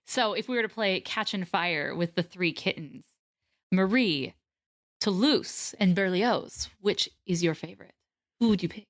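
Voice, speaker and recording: An American woman co-hosting a casual podcast chat, animated and quick to laugh. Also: on the low side, no room sound, studio quality. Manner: animated and laughing, quotes characters. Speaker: podcast co-host.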